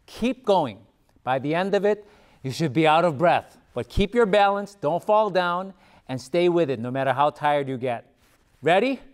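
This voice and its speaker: A man's voice: fairly high pitch, expressive, normal speed. A man leading a taekwondo workout, encouraging and calling out commands, out of breath. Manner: encouraging, calls out commands and kiai shouts. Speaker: taekwondo instructor. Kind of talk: guided workout instruction.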